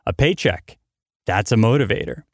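A man's voice: lowish voice, expressive, moderate pace, dry recording, clean studio sound. A man hosting a motivational podcast, talking energetically and emphatically, hammering points through repetition. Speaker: podcast host.

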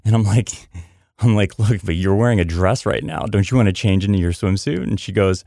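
Gravelly low-voiced man telling a story. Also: brisk, mellow, no echo, studio quality. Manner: chatty, lots of "I mean" and "you know" asides; repeats words for emphasis. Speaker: podcast host. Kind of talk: casual storytelling podcast.

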